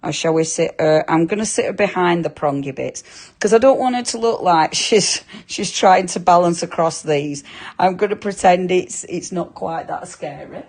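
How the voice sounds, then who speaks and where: A woman's voice: fairly low pitch, normal speed, darkish tone. A chatty woman with a Lancashire accent, presenting a live craft demo and chatting with viewers, full of tag questions. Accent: Lancashire English. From Lancashire, England.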